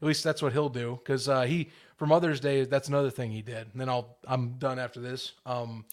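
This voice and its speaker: A man's voice: mid-range voice, little pitch movement, a little fast. A man co-hosting a sports podcast, chatting casually and laughing often. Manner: laughs often, easygoing banter. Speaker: podcast co-host. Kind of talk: casual chat.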